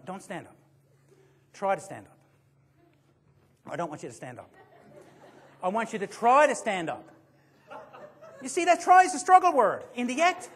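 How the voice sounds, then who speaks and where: A man giving a motivational seminar to a live audience, joking and quizzing the listeners as he goes. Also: very high voice. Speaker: motivational speaker.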